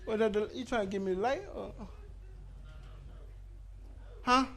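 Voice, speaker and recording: A man's voice: high voice, fast, creaky, bright, forceful tone. A man in his fifties doing a stand-up comedy set on stage, rambling loosely and working the crowd. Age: 50s. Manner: loose rambling delivery with crowd work and acted-out quotes.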